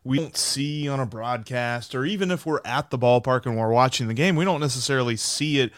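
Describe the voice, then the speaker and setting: A man's voice: mid-range voice, a little fast, no echo, clean studio sound. A man co-hosting a sports podcast, talking casually and analytically, with frequent stammering restarts. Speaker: podcast co-host.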